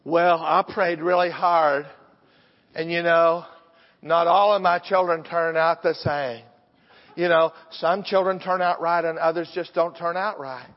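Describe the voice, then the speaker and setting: A preacher mimicking an excuse-making parent. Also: male voice, fairly high pitch, fairly even intonation, a little slow, natural voice. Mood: excusing. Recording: dull sound with long hall reverb.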